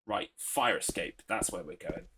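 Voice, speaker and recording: With a low-pitched voice at a moderate pace, this English streamer plays a horror game on his computer against background noise. He's chatty and swears occasionally, reading viewers' messages aloud and responding in easygoing commentary.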